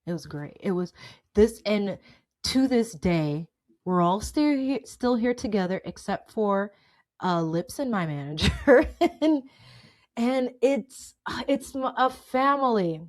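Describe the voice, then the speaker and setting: A woman's voice: medium pitch, animated, slow pace. A woman with a middling voice tells her own work stories as a podcast host. She talks in a chatty, emphatic way, keeps tagging her points with "okay?", and laughs often. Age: adult with children. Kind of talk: casual storytelling monologue.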